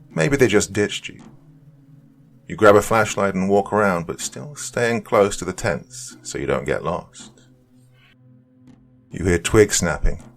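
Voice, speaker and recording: A man reading horror scenarios as scripted narration, in a slow, dramatic, hushed delivery. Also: low-pitched, vocal fry.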